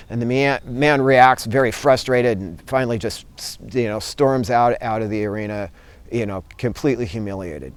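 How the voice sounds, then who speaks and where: A man telling a story and giving advice in a casual, relaxed way, with many fillers. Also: medium pitch, normal speed, clear, resonant tone. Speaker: vlogger and teacher.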